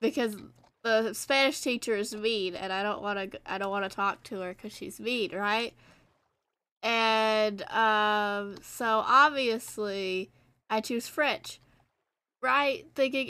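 A woman's voice: medium pitch, slow pace, bright, forceful tone, smooth, no room sound. A teenage girl streaming a game, chatting casually in a rambling, self-deprecating way. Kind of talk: casual gameplay chat.

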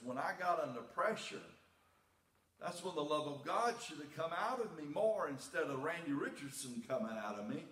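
A man's voice: on the high side, pushed and bright. A man preaching a sermon as pastor, telling a personal story in a folksy way and building to emphatic preaching. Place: church sanctuary. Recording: echoey church room.

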